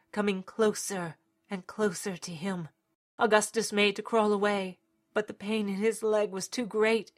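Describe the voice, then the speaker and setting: A woman narrating a story in a dramatic, scripted reading style. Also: mid-range voice.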